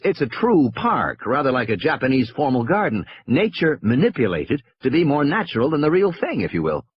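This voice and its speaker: A man reading an audiobook aloud in a very expressive, swooping way. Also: a little high, breathy edge. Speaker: audiobook reader. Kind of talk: audiobook narration. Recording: dull lo-fi recording.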